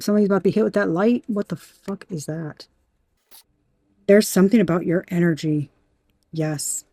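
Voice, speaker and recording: A woman giving a tarot reading in an emphatic, animated way, talking straight to the viewer and swearing now and then. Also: lowish voice, no echo. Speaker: tarot reader.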